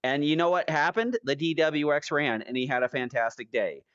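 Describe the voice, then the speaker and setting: A man hosting a podcast, telling stories in a rambling, animated way with many restarts. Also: a little high, normal speed, clear, resonant tone, no room sound. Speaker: podcast host. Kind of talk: casual chat. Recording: dry, dull lo-fi podcast audio.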